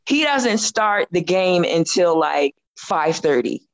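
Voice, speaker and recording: Lively, laughing woman telling a story. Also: lowish voice, slow pace, no echo, lo-fi sound. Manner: animated, laughs often, acts out her own quoted lines. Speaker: podcast guest. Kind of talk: casual storytelling chat.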